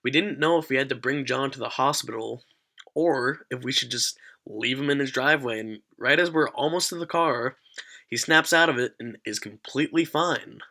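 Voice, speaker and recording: Young male vlogger, bright forceful voice, swears constantly, rambling storyteller. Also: medium pitch, moderate pace. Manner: profane, rambling. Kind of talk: storytelling vlog.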